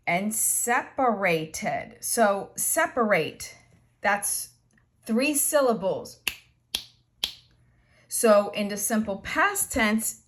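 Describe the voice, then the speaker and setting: In this English grammar lesson, a woman at medium pitch walks through the material slowly and with patience. She goes over examples again and again.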